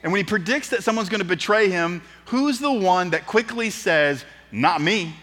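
A man's voice: high-pitched, normal speed. A man preaching a sermon, telling the story vividly and acting out the quotes in an auditorium. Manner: lively storytelling, acts out quotes. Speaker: pastor. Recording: long reverb in an auditorium.

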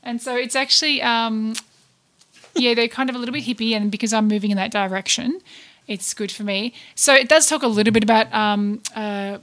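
A woman's voice: a little high, fairly even intonation, brisk, a bit bright. A woman, co-hosting a podcast in casual chat, giggly and often searching for her words. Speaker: podcast co-host.

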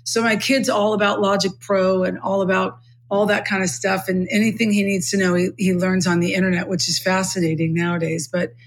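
A middle-aged woman from California hosting a podcast, with a low textured voice. She thinks aloud in casual chat, full of fillers. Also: little pitch movement, fairly quick, hardly any pauses. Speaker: podcast host.

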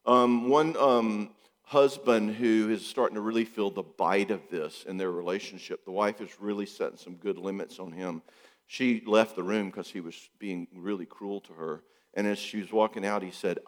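A man, a counselor, giving a talk to an audience, animated and acting out bits of dialogue. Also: fairly low pitch, moderate pace, big-room sound. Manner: animated, acts out quoted dialogue.

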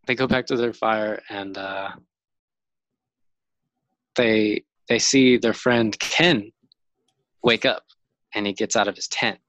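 Low-voiced man telling a story. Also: fairly even intonation, takes it slowly, pauses often, fairly bright tone, no echo, poor audio. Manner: rambling, many fillers and restarts. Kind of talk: casual storytelling.

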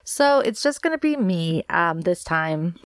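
A woman's voice: on the low side, big pitch swings, unhurried, no room sound, clean studio sound. A woman hosting a podcast in a casual, chatty, rambling way, sounding congested from allergies. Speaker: podcast host. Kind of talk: casual solo podcast chat.

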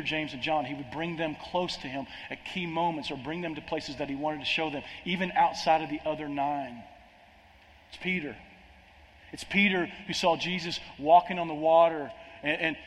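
A man's voice: a little high, a bit bright, slight background noise. A man preaching a sermon as pastor, impassioned, restarting phrases and acting out quotes, recorded in a large church hall. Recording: long hall reverb, faint ambience.

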